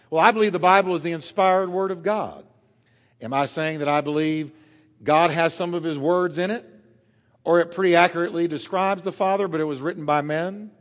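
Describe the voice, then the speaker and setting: A pastor preaching a sermon to his church, emphatic, dropping quiet and then swelling loud, drawing out key words. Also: a little high, brisk, long reverb tail.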